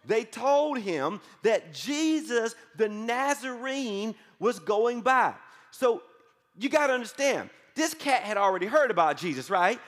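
Male pastor, animated call-and-response sermon, high voice, ringing hall. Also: unhurried. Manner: lively, call-and-response preaching. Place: church sanctuary. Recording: long reverb of a church hall.

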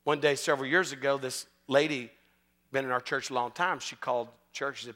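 A man preaching a storytelling sermon as pastor, animated and joking, acting out quotes. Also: mid-range voice, brisk.

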